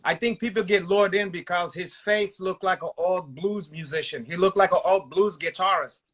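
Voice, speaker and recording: High-voiced Brazilian joker. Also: male voice, normal speed, fairly bright tone. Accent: Brazilian Portuguese. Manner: broken English, crude jokes, Portuguese interjections. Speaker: podcast co-host. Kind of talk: comedic podcast banter.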